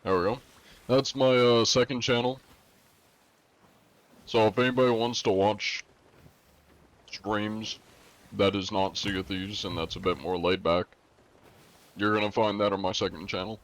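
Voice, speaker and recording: A man's voice: on the low side, steady tone, a little slow, pauses often. A man streaming a game live from a room at home, chatting playfully and jokingly greeting his viewers by name. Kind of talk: casual live-stream chat.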